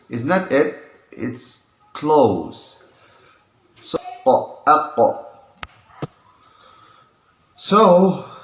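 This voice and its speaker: Slow-speaking man teaching letters. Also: medium pitch, roomy sound. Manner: repeats sounds and phrases to demonstrate them. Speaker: Quran pronunciation teacher. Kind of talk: slow explanatory lesson with demonstrations.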